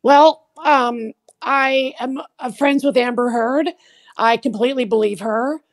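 A woman's voice: fairly high pitch, steady tone, measured pace. A woman comedian in her sixties, a guest on an interview show, talking in a catty, sarcastic, gossipy way. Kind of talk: podcast interview.

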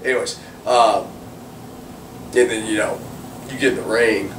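A male wrestler chatting casually in an interview, animated and swearing freely. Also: fairly low pitch, unhurried. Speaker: professional wrestler guest. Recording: roomy, distant mic with background noise.

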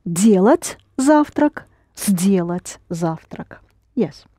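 A woman's voice: mid-range voice, animated, drawn-out words, warm tone, husky, no room sound, clean studio sound. A woman teaching a language lesson, explaining patiently step by step and prompting her students.

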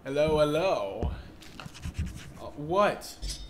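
A man hosting a horror game video, cursing, shouting at the game and talking back to its characters. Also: on the high side, sing-song, very slow, slight background noise. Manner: profane, loud and reactive, talks back to the game. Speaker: gaming video host. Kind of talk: horror game reaction commentary.

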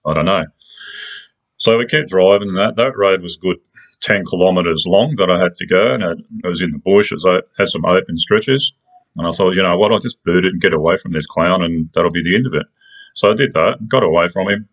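A man's voice: sits low, a little fast. A man with an Australian accent, telling a personal story in a casual, rambling, colloquial way. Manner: rambling, colloquial, with many restarts.

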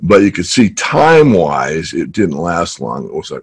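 Low husky male guest, trader, lively storyteller who tells jokes. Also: normal speed, few pauses. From San Francisco Bay Area. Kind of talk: casual interview talk.

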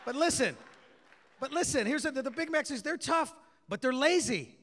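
A man doing stand-up comedy on a club stage, brash and profane with loud bursts. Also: extremely high pitch, animated, moderate pace. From Mexican-American. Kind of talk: stand-up set. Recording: live club recording with hall echo and crowd noise. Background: crowd laughter.

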